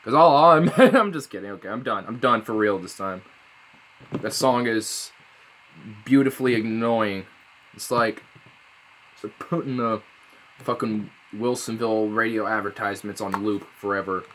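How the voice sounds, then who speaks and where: A young man rambling through a casual vlog, swearing a lot, sarcastic and prone to sudden loud high outbursts. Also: normal speed, pauses often, a little hiss or hum. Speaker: vlogger.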